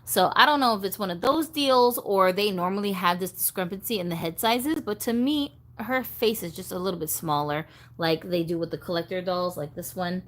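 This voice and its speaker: A woman's voice: medium pitch, moderate pace, hardly any pauses. Chatty woman streaming casually. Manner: chatty, rambling, reads viewer comments aloud. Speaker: doll collector livestream host. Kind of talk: casual livestream chat.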